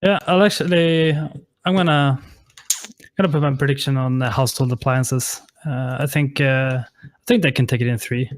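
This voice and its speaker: A man's voice: medium pitch, steady tone, normal speed, no echo. A man casting a live online game tournament, hesitant and apologetic, with many fillers and restarts, on a headset mic. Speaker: esports caster. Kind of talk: casual live game commentary.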